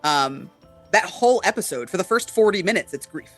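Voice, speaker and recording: A woman's voice: on the low side, expressive, a little fast, fairly bright tone, faint music behind. A woman co-hosting a casual chat about tabletop games, with lots of fillers, often checking in with "right?". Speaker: podcast co-host.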